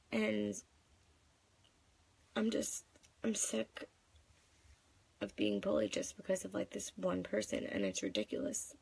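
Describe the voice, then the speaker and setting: A woman's voice: medium pitch, vocal fry, slightly rough, no echo. A woman in her twenties venting in a live video, crying and upset, rambling with many fillers. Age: 20s. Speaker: vlogger.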